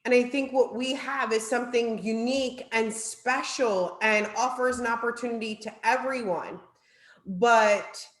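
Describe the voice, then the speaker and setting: An upbeat woman with a New Jersey accent leads a sales training session in a chatty, animated way. Her voice sits a little high and rings in an echoey room. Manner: upbeat, chatty, keeps asking "right?". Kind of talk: weekly training talk.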